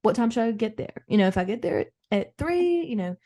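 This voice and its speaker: A woman's voice: fairly high pitch, fairly quick. Woman playing a frazzled, gossipy rich mom. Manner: rambling, animated storytelling with acted-out quotes. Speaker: podcast host character. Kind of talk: improvised comedy podcast.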